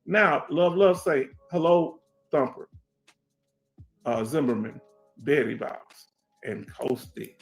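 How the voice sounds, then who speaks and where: Man, middle-aged, Houston accent, casual livestream host, emphatic and repetitive, slightly high voice, faint background music. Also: animated, slow, creaky, long pauses. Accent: Houston Black American English. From Houston, Texas. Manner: streetwise, emphatic, repeats himself, asks "you understand?". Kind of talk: casual livestream chat reading comments. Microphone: headset.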